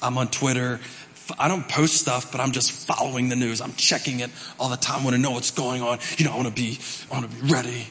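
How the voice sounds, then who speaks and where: A male pastor giving a conversational sermon, shifting between loud emphasis and soft, quiet passages. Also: medium pitch, steady tone, a little fast, big-room sound. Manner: conversational preaching with dramatic swings from loud to soft. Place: church sanctuary.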